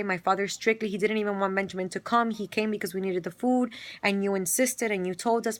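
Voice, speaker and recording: A woman's voice: medium pitch, fairly even intonation, normal speed, a bit bright, dry recording. A woman casually retelling a Bible story, filling it with quoted dialogue and everyday fillers.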